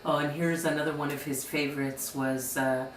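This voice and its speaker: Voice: mid-range voice, level tone, normal speed. An interviewee fondly recalling a father's favourite sayings with amusement. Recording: roomy, distant mic.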